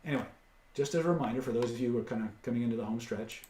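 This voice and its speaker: A man hosting a live webinar, pitching course packages, reading out prices and answering chat questions with blunt asides. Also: racing, warm tone, roomy sound, a little hiss or hum. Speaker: webinar host and seller.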